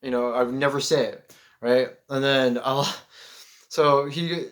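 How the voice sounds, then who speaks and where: A young man from Seattle telling a rambling spiritual story to his vlog, excitable and animated, peppered with "like" and swearing. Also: medium pitch, measured pace. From Seattle, USA. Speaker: vlogger.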